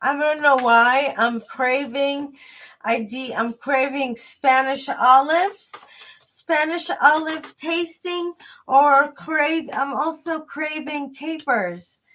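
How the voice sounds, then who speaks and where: A woman doing a live tarot reading, her voice sitting a little high. She talks slowly, drifting and restarting with lots of fillers, chatty with her viewers. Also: a bit bright, slight background noise. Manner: hesitant, rambling, many fillers and restarts. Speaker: tarot reader.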